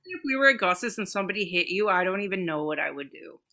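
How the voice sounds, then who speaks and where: A woman co-hosting a podcast, telling stories in animated, profane casual chat. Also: medium pitch, fast talker. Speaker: podcast co-host.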